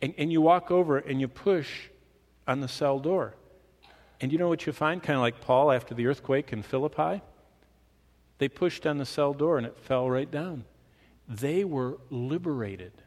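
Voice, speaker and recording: A man preaching a sermon to a congregation, animated, with his pace and volume shifting for emphasis. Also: fairly high pitch, normal speed. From Michigan. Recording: long reverb of a hall.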